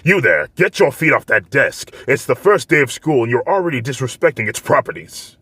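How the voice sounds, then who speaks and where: A man's voice: medium pitch, very animated, fairly quick, sharp tone, husky, no echo, voice pushed up, full character voice. A man voicing a stiff, formal teenage boy who scolds and lectures. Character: stiff, rule-bound teenage boy class rep.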